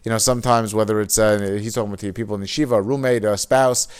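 A man's voice: lowish voice, fairly even intonation, fast talker, smooth. A man teaching a Hebrew mussar text, reading passages aloud and explaining them in casual full of "you know". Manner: reads Hebrew text aloud, then explains it in casual English with many fillers. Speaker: Torah teacher.

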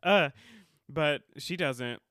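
A man co-hosting a casual podcast recap chat, animated and quick to laugh as he retells scenes. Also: fairly high pitch, no room sound, studio quality. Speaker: podcast co-host.

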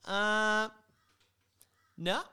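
An Australian man chats as a podcast guest with a bright, forward voice. He jokes loosely, swears freely and laughs often. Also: high voice, steady tone, extremely slow, clean tone. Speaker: podcast guest, music producer and DJ. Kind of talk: casual chat.

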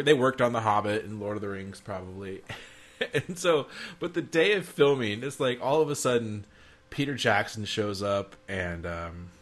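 A man co-hosting a casual podcast chat, animated and profane, laughing often. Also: fairly low pitch. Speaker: podcast co-host.

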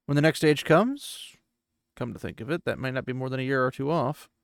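A man's voice: medium pitch, brisk, vocal fry, dry recording, clean studio sound. Casual male podcaster recapping a book. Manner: rambling, conversational, with filler words. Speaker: podcast host.

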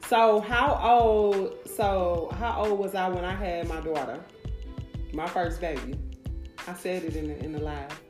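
A woman's voice: fairly low pitch, steady tone, a little slow, reverberant, music in the background. A woman co-hosting a casual live stream, reading out viewer comments and chiming in. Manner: reads out viewer comments, chimes in.

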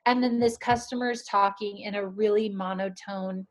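A woman, a guest on a talk show, telling a story in a casual, animated way and laughing often. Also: mid-range voice, moderate pace.

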